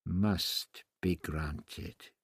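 A man voicing a sly, sneering high priest. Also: sing-song, no echo, heavily acted. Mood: menacing. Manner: sly, dry, drawn-out delivery. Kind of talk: audiobook character voice.

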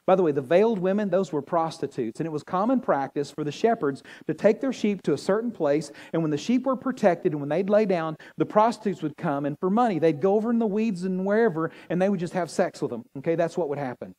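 A man preaching a sermon as pastor, animated and joking with the congregation. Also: high voice, fast talker, hardly any pauses. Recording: long hall reverb.

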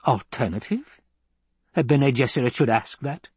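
A man's voice: mid-range voice, lively intonation, moderate pace, a little mellow, husky, dry recording. A man reading an audiobook, voicing a stern, snappish old woman who leads a scheming sisterhood. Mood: cold, scolding. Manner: snappish, sneering, demanding.

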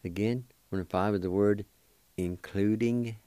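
A man hosting a radio language lesson, spelling words out letter by letter and repeating each one slowly and carefully. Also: fairly low pitch, steady tone, mellow, clean tone, no room sound.

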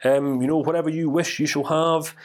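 A man's voice: fairly high pitch, fairly even intonation, a little fast, natural voice. Storybook part: a ceremonious, obliging genie, male, in a near-everyday voice, as a man telling the story puts him on. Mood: formal. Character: formal male purple genie, obliging servant.

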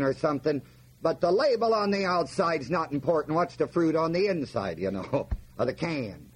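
A man's voice: fairly high pitch, sing-song, normal speed, slightly rough. A man preaching a folksy Bible-teaching sermon, often asking his listeners questions and leaning hard on key words. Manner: folksy, asks the audience questions, stresses words.

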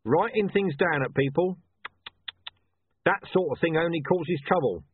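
A man voicing a blunt, irritable middle-aged watch commander who talks in a sharp, demanding way. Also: a little high, animated, a little slow, slight background noise, voice pushed up. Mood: curt. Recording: tinny, dry, phone-like sound.

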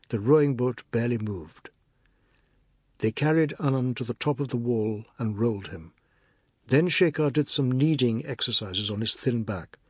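A man reading a novel aloud as narrator, in a measured, even storytelling manner. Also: mid-range voice, slightly rough, no echo, studio quality. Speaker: audiobook narrator. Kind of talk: scripted narration.

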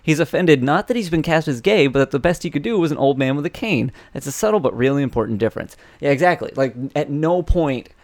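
A man's voice: fairly high pitch, animated, quick pace, hardly any pauses, a little mellow. Chatty man co-hosting a podcast. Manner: rambling, chatty, many fillers and restarts. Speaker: podcast co-host. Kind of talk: casual podcast chat, reading listener emails.

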